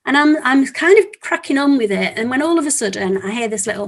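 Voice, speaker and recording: Woman telling a teaching story, bit high voiced, does all the voices. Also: fast talker. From England. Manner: animated storyteller, acts out children's voices and beeps. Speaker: webinar presenter, teacher trainer. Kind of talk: storytelling talk.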